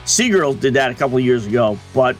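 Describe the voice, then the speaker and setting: A man's voice: mid-range voice, animated, fast, faint music behind. A man hosting a sports betting radio show, talking in a wry, conversational monologue full of rhetorical questions.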